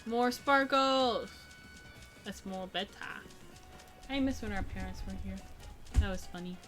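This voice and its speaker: A woman's voice: mid-range voice, moderate pace, soft background music. A young woman streaming a video game, chatting in a playful, goofy, joking way. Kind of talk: casual gameplay chat.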